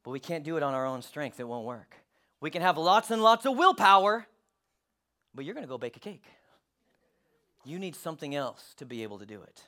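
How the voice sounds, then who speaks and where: Animated high-voiced male pastor. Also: fairly quick, pauses often. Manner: animated, acts out story voices, swings loud to hushed. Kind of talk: sermon with storybook reading.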